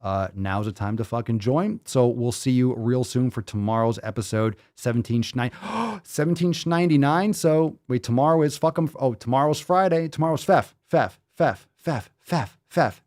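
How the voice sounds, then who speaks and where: A man hosting a casual live podcast, loud, joking and full of profanity. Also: mid-range voice, normal speed, few pauses. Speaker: podcast host.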